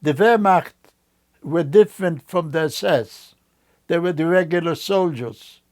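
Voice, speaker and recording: An older man recounting memories in an interview, telling his story in a slow, halting way with frequent restarts. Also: fairly high pitch, darkish tone.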